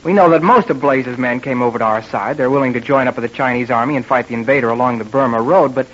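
An actor playing a plucky, eager teenage boy adventurer in an earnest, excitable 1940s radio drama style. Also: mid-range voice, quick pace, natural voice. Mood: determined. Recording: dull old radio recording with faint hiss.

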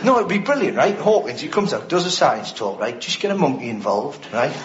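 A man's voice: on the high side, sing-song, fairly quick. A man doing stand-up comedy with rambling, playful storytelling. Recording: lo-fi live recording with noise.

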